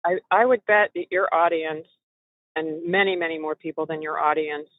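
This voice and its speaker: A woman's voice: low-pitched, moderate pace, no room sound. A woman calling in to a talk show, speaking eagerly and emphatically. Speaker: caller. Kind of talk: casual call-in chat. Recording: tinny phone line.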